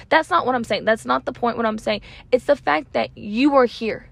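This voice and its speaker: A woman's voice: high voice, normal speed, vocal fry, fairly bright tone. A woman hosting a podcast, talking in a raw, emotional, unscripted way, full of "like" and casual swearing. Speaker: podcast host. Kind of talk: unscripted heartfelt podcast monologue.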